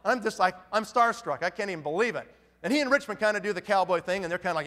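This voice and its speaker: A middle-aged man with a high voice tells a story from a big hall, and the sound rings with a long reverb. He talks with a lot of animation and acts out each person in the tale. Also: quick pace, fairly bright tone. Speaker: business speaker. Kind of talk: storytelling talk to an audience.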